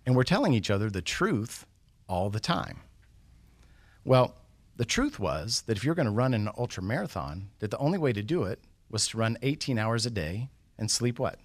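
Man, middle-aged, guest speaker, lively storytelling, questions to the room, dry close sound. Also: fairly low pitch, moderate pace, dry recording. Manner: animated, builds suspense with questions. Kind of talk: motivational storytelling.

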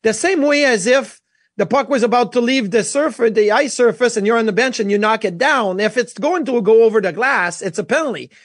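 A man with a high voice co-hosting a sports show, recorded dry and close. He tells hockey stories with animated energy. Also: a little fast, slightly rough, no room sound. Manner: storytelling, animated. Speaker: co-host, former goalie. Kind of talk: casual sports chat.

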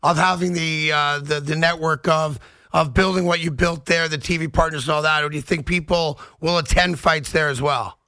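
A male host of a sports talk show, telling stories in an animated way and acting out quotes. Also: fairly high pitch, moderate pace, no echo. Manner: animated storyteller who acts out quotes.

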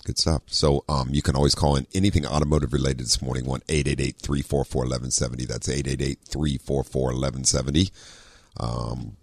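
Very deep-voiced laid-back radio host man. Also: brisk, gravelly, dry recording, clean studio sound. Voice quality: very low radio voice. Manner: relaxed, rambling, many ums and uhs, easy laugh. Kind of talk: casual talk radio chat. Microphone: studio microphone.

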